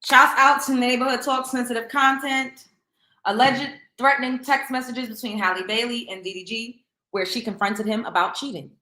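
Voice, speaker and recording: A woman's voice: fairly high pitch, fairly even intonation, moderate pace, sharp tone. Emphatic woman host in an echoey room. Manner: emphatic, opinionated, repeats herself for stress. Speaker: show host. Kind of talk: casual celebrity gossip commentary. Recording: roomy echo.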